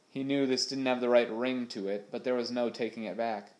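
A man reading a children's adventure novel aloud with steady, expressive storytelling. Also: mid-range voice, moderate pace, few pauses. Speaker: audiobook narrator. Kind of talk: storybook narration.

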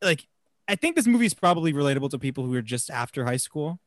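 Animated laughing man, dry close sound. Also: fairly high pitch, quick pace, dry recording. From New Jersey. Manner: animated, laughs often, many fillers and restarts. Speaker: podcast co-host. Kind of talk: casual movie discussion.

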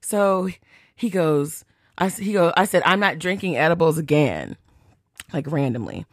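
A woman with a low-sitting voice tells a casual story on her podcast at normal speed, reading messages out loud and cursing freely along the way. Her retelling is chatty and animated, and the clean studio recording has no room sound.

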